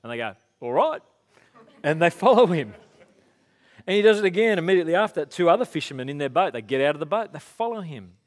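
A man preaches in a relaxed, conversational way. He tells the stories with lively acted-out quotes. His voice sits a little higher than most men's. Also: fast. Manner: casual, animated storytelling with acted-out quotes. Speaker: pastor. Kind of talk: conversational sermon.

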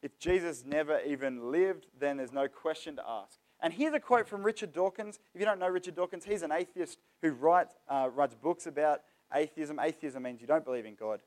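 A young man giving a lively, joking talk to a youth audience, addressing the crowd directly. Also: on the high side, brisk, hardly any pauses. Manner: chatty and joking, talks straight to the audience. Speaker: youth seminar speaker.

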